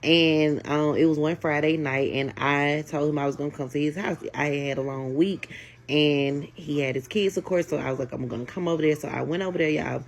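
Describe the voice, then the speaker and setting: Gravelly-voiced woman telling a casual storytime. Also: sits low, brisk. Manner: animated, talks straight to her viewers.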